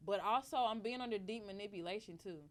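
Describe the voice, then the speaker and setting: Woman, podcast guest, animated profane storyteller, medium pitch. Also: fast. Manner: animated, profane, acts out quoted lines. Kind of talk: casual storytelling.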